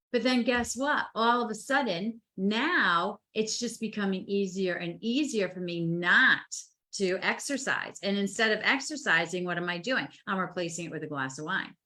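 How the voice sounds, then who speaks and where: A woman with a bright, forward tone chats casually on a live stream. She tells animated stories and acts out her own inner voice along the way. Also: mid-range voice, normal speed. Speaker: co-host. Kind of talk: casual chat. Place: home, over a live stream.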